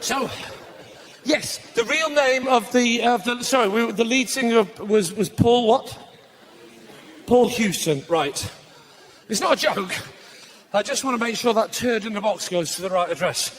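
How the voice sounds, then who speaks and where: A man doing live stand-up comedy in a large venue, bantering with the crowd, mocking, and breaking into bursts of shouting. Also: very high-pitched, measured pace, slight background noise. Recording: live show with loud audience laughter.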